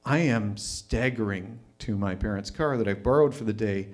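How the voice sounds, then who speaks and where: A man's voice: lowish voice, moderate pace. A man telling a personal story at a live storytelling night, wry and self-mocking.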